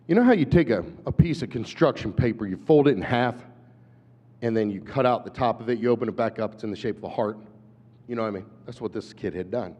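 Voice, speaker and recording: A man in his fifties, an animated storyteller who acts out voices, giving a talk at a conference. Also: medium pitch, quick pace. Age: 50s. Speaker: conference speaker. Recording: dull hall recording with long reverb.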